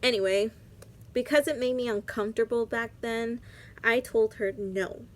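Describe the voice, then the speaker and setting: A woman's voice: fairly high pitch, steady tone, moderate pace. A young woman vlogger telling a personal story in a casual, chatty way, full of "like" fillers.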